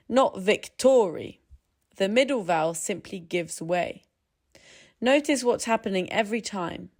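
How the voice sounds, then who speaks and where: Calm woman teaching pronunciation. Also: fairly low pitch. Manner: calm, measured, slows down to demonstrate sounds. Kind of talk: scripted tutorial narration.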